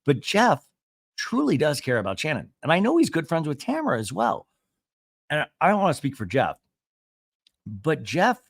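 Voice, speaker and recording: A male podcast host recapping with lively, gossipy energy. His voice sits a touch high and swings widely in pitch, and the sound is dry and close with no room echo. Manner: animated, gossipy, acts out quotes. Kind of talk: casual reality-show recap.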